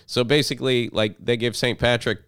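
A man in his thirties co-hosting a casual podcast, joking and slipping into loud mocking impressions. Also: medium pitch, fairly even intonation, a little fast, smooth, no room sound, studio quality. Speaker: podcast co-host. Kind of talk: casual banter.

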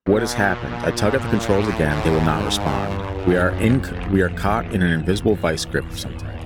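A man co-hosting a casual podcast, reading a flight log aloud in a deadpan voice and joking between passages. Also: deep voice, fairly quick, over loud music.

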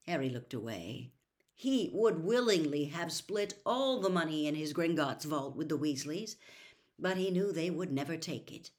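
A woman reading a novel aloud as a storyteller in an expressive, lively way. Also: low-pitched, moderate pace. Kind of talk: audiobook reading.

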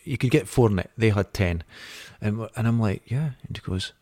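A man's voice: lowish voice, brisk, creaky, few pauses. A Scottish man co-hosting a podcast, telling anecdotes in casual chat and acting out the voices of the people in them. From Scotland. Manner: animated anecdote teller, acts out quoted voices. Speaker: podcast co-host.

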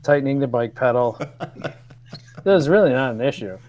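A man in his fifties, a guest on a radio show, telling old stories with laughs and halting restarts. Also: medium pitch, lively intonation, a little mellow. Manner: storytelling, laughs often, hesitant restarts. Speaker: guest, former radio co-producer. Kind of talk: casual radio chat.

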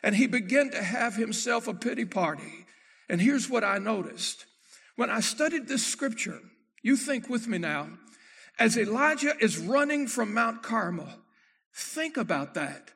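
Preacher, male, high bright tone, dramatic loud-to-soft delivery, acts out quoted scripture. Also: lively intonation, measured pace, vocal fry, slightly rough. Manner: acts out the prophets' words in quoted speech. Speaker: pastor. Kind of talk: sermon.

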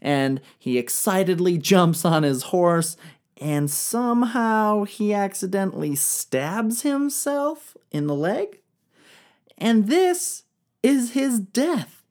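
A woman's voice: medium pitch, expressive, takes it slowly, a little mellow. A woman retelling ancient history in a comedic, irreverent style, full of slang, swearing and jokes. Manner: irreverent, profane, slangy, jokey.

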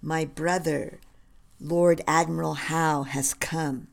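A woman's voice: low-pitched, steady tone, slow, gravelly, full character voice. A woman voicing a proud, formal 18th-century British general.

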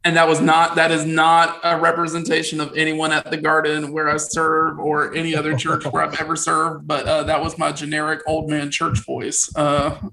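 A male pastor hosting a casual conversation, relaxed and joking at his own expense. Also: on the high side, normal speed, gravelly, hardly any pauses, rough recording. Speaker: pastor and host.

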